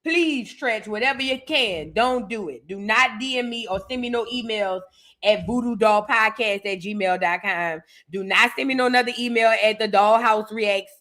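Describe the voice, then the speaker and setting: Brief: woman host, reaction-show chatter, bright and higher voice, playful and dramatic. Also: normal speed. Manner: animated, playful, dramatic, breaks into singing. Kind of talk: casual commentary.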